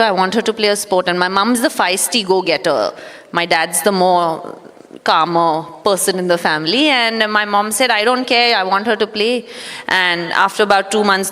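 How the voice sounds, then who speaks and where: A woman, a guest telling her story at an on-stage interview in a measured, reflective way, with many fillers. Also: lowish voice, a bit bright. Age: 30s. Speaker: guest, former athlete. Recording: echoey hall.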